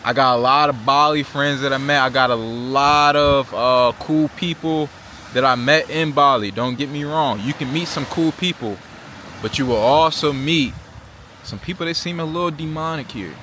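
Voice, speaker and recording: A man's voice: mid-range voice, normal speed, bright, forceful tone, slight background noise. Young American man vlogging by a road. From Virginia Beach, Virginia, USA. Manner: slangy, earnest, repeats "right?" and "you know?". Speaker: travel vlogger. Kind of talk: casual vlog talk to camera.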